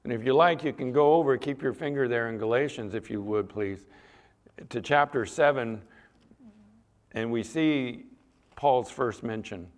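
A man's voice: medium pitch, a little slow. A man preaching a sermon as pastor, talking conversationally and putting questions to the congregation.

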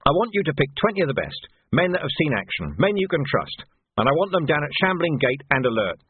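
A tired, shrewd watch commander read by a male narrator, giving dry, clipped orders in a husky voice. The sound is thin and phone-like with no room echo. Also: a little high, big pitch swings, fairly quick, voice pushed up. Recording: tinny phone-like band.

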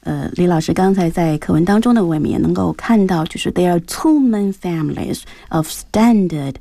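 Woman co-host, low-ish mellow voice, chatty questions, dry studio. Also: animated, normal speed, vocal fry, dry recording. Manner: chatty, asking the guest questions. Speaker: co-host teacher. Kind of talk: bilingual radio English lesson.

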